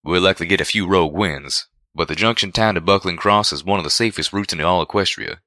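Guy doing a drawling cowpony, bright folksy voice, dry sound. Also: low-pitched, quick pace, dry recording.

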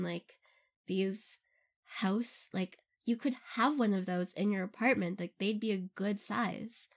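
Young woman chatting slow n rambly, giggles a lot, lots of um and like, answering fan q's. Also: medium pitch. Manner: rambling and giggly, with many fillers. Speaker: audio role-play creator answering fan questions. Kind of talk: casual Q&A chat.

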